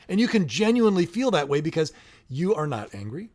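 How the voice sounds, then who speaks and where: A man's voice: on the high side, big pitch swings, a little fast, darkish tone. A middle-aged man co-hosting a casual parenting talk, explaining steps one by one and acting out sample phrases. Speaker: co-host, parent.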